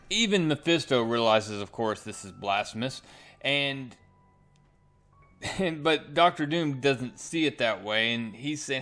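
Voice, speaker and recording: A man's voice: fairly low pitch, measured pace, fairly bright tone, soft background music. A man casually recapping a comic book's plot in a chatty, storytelling way, as a reviewer.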